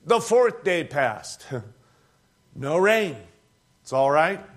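A man in his sixties with a high voice preaches in a homespun storytelling way. He uses plain country grammar and chuckles often as he talks. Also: lively intonation, slow pace. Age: 60s. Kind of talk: storytelling sermon.

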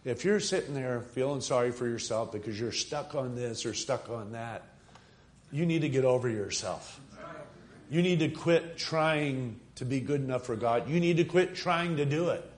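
A man preaching a sermon, retelling a story and asking his congregation rhetorical questions, moving from quiet reflection to rising, emphatic appeals. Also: mid-range voice, moderate pace, a little hiss or hum.

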